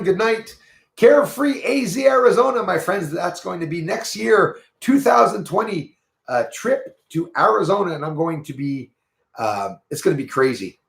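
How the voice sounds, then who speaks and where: Quebec-accented man, gravelly voice, rambling livestream host greeting his chat, echoey room. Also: on the high side. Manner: rambling, chatty, greets viewers by name. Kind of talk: casual livestream chat, reading viewer comments.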